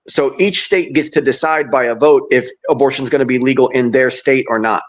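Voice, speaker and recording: A man calmly explaining a story in a casual chat, with some hesitations. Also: medium pitch, fairly quick. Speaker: podcast guest.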